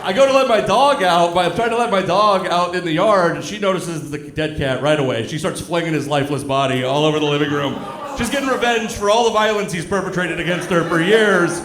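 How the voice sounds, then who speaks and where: A male stand-up comedian telling a story on stage, dry and deadpan, acting out the other people in it. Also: sits high, fairly quick, noisy background. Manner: deadpan storytelling with acted-out quotes. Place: comedy club stage with live audience. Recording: echoey live club room.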